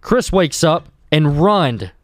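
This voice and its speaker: A man's voice: fairly high pitch, expressive, slow, crowd noise. Laughing young man reading a goofy story. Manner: laughs often, breaks off mid-sentence. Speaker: podcast host reading a Mad Libs story. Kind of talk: casual chat and mock announcer reading.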